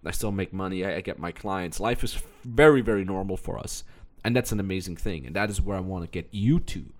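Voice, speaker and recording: A man's voice: deep voice, a little fast. A young man hosting a motivational podcast, talking bluntly and pushily with lots of energy and repeating his key phrases. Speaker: podcast host and online business coach.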